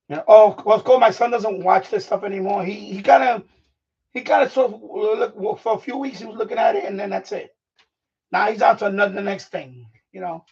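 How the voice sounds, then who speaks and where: A man's voice: high voice, vocal fry, husky. A middle-aged man hosting a live stream, chatting in a rambling way full of fillers and restarts, out of breath as he tidies his home studio. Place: home studio room, moving around while tidying. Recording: distant, dull lo-fi mic.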